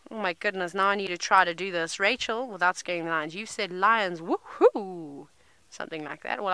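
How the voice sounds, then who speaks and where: A woman guide talking viewers through a live safari drive from an open vehicle. Her voice is bright and clear. She chats easily, explaining what she sees and thinking aloud as she goes. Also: lowish voice, no echo. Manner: chatty, informative, thinks aloud.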